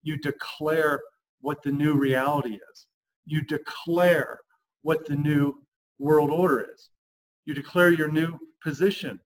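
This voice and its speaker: A man coaching husbands on a podcast, emphatic and lively, acting out the lines he quotes. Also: a little high, measured pace, rough recording. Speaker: relationship coach.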